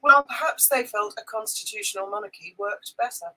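A woman's voice: medium pitch, fairly quick, sharp tone, low-quality recording. A woman co-hosting a casual live stream from a boat, wry and teasing in manner.

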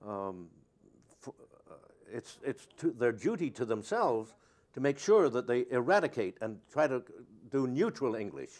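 A man's voice: medium pitch, very animated, measured pace, a little mellow. An older man, an actor being interviewed, answering in a rambling, anecdotal way.

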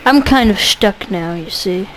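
A woman's voice: medium pitch, lively intonation, measured pace, slight background noise, poor audio. A woman doing a let's play commentary, goofy and sweary, talking back to the game. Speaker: gamer.

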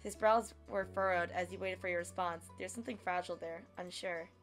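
A woman's voice: lowish voice, brisk, faint music behind. A woman streamer reading a romance visual novel aloud and reacting expressively. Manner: expressive, gushing, playful. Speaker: gaming streamer.

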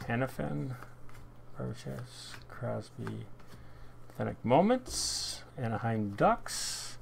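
A man runs a live card break, calling names and teams in short bursts. He takes his time between cards, now and then breaking into loud, excited shouts. A faint hiss sits under the recording. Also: medium pitch, slow, vocal fry.

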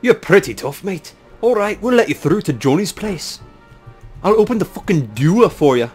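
A man's voice: sits high, sing-song, darkish tone, soft background music, pitched above the performer's own voice, heavily acted. A man hamming up a taunting shark pirate. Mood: grudging. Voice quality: exaggerated, clumsy pirate accent. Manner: gruff, taunting, drawn-out growls. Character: rowdy male shark pirate crew, boastful and taunting.

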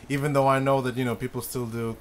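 A man's voice: mid-range voice, flat delivery, quick pace, crowd noise. A man from Papua New Guinea, co-hosting a casual podcast, tentatively thinking his point through aloud.

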